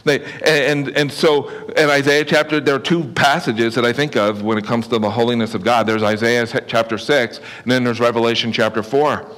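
A man preaches from the pulpit in a relaxed, conversational way, stumbling into restarts and quick asides as he explains his points. His voice sits at an ordinary middle pitch. The sound rings with the long reverb of a large church hall. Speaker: pastor. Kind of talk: sermon.

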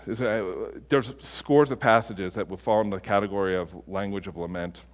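A man's voice: lowish voice, normal speed. A man preaching a sermon as a pastor, impassioned, with many restarts and surges of intensity. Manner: impassioned, rising to near-shouting peaks, many restarts. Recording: long hall reverb.

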